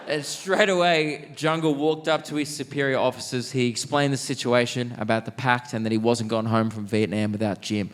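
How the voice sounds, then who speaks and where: A man's voice: medium pitch, a little hiss or hum. Young man telling stand-up stories. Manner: animated, acts out characters with quick voice shifts. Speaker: stand-up comedian. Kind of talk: stand-up comedy storytelling. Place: large theatre stage.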